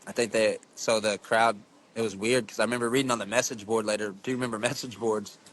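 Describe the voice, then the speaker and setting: A man who wrestles, telling stories as a podcast guest in a rambling, profane, animated way. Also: lowish voice, fast talker. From USA. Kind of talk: casual storytelling interview.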